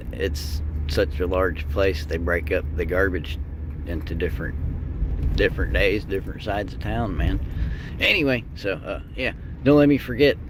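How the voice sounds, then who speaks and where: A man rambling casually and mumbling as he drives and picks through curbside scrap. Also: lowish voice. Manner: rambling, self-deprecating, mumbly. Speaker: scrapper vlogger. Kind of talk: casual narration while driving and scrapping. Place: outdoors and in a vehicle, city streets. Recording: noisy outdoor street recording.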